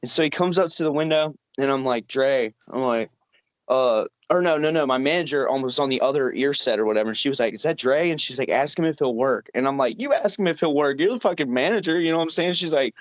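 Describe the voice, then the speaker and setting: In this dry recording, a young male podcast co-host talks fast at medium pitch. He's spinning a meandering, foul-mouthed work story in casual storytelling chat, laughing a lot along the way.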